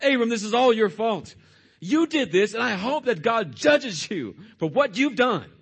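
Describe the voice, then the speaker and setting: A man's voice: extremely high pitch, big pitch swings, measured pace, gravelly, slightly rough, voice pushed up, exaggerated voice. A preacher voicing a wronged wife who sharply blames her husband. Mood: accusing. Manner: sharp, accusing.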